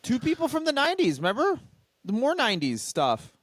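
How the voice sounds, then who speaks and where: A man's voice: extremely high pitch, wildly swooping pitch, brisk, a bit bright, dry recording. A man co-hosting a comedy podcast, telling rambling stories and acting out what people said. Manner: rambling storyteller, acts out quotes. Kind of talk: casual comedic chat.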